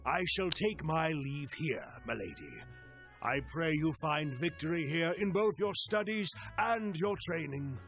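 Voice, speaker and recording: A man's voice: on the high side, animated, measured pace, fairly bright tone, soft background music, voice pushed up. A man voicing a courteous elderly male butler in formal, old-fashioned phrasing while reading game dialogue.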